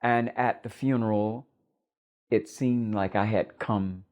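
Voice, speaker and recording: An older woman recounting a personal story in a measured, reflective way. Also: very deep voice, fairly even intonation, darkish tone.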